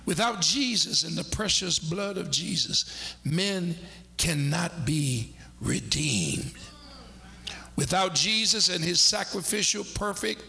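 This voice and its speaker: A man preaching a sermon emphatically, with dramatic pauses, swinging from loud bursts to near-whispers. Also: sits high, creaky.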